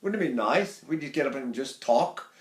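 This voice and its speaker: A man's voice: expressive, a little fast. An older man teaching vocal technique, stopping to demonstrate sighs and sung phrases. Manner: demonstrates by sighing and singing phrases high. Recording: echoey room.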